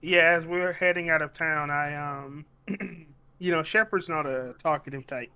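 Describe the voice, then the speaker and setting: A man's voice: fairly high pitch, moderate pace, clean tone, lo-fi sound. A man playing a tabletop game, rambling through a character description with lots of fillers. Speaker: player.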